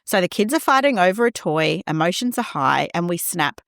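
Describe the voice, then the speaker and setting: A woman hosting a parenting podcast, talking gently and reassuringly, acting out quoted lines in a scripted monologue. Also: lowish voice, expressive, fairly quick, creaky, no echo, clean studio sound.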